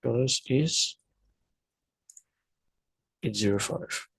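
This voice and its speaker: A man with a husky voice talks through a math lesson one step at a time, pausing to think and correcting himself as he goes. His voice sounds dry and close to the mic, with no room echo. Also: medium pitch, expressive. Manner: thinking aloud, hesitant, self-correcting. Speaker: math tutor. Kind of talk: explaining math problems step by step.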